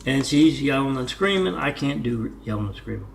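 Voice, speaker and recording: Man, mid-pitched, gravelly, rambling vlog talk, self-promoting, spells out addresses. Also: expressive, moderate pace, a little hiss or hum. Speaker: artist vlogger.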